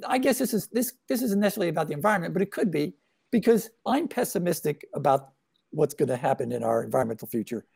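A man talks through his cartoons in a relaxed interview, stopping and restarting often. His voice is gravelly and a little husky, recorded dry and close. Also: on the high side, fast talker, no echo. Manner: hesitant, many fillers and restarts. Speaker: editorial cartoonist guest. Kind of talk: casual interview chat.

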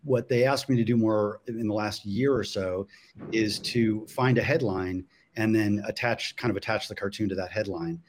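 A man's voice: on the low side, normal speed, a little hiss or hum. A man, a cartoonist guest, talking reflectively in an interview. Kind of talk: casual interview chat.

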